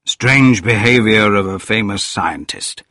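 A man voicing a brash newspaper editor, speaking louder and more insistently than the narration. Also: lowish voice, a little slow, no room sound, clean studio sound. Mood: pressing. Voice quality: loud and insistent.

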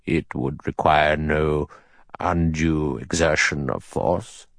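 A man voicing an elderly judge with a thin, sour, acid voice who speaks slowly and precisely. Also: very deep voice, steady tone, creaky, fairly bright tone, no room sound, full character voice. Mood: measured. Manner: slow, measured, dry.

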